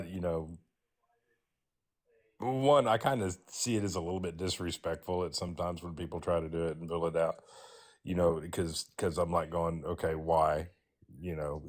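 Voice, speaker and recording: A man on a panel speaking in a measured, earnest way in casual chat. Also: low voice.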